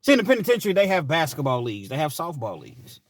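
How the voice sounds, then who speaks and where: A man's voice: a little high, wildly swooping pitch, very fast, dry recording, studio quality. Chatty man telling a story. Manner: chatty, rambling, with asides and laughs. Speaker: channel host. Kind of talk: casual storytelling monologue.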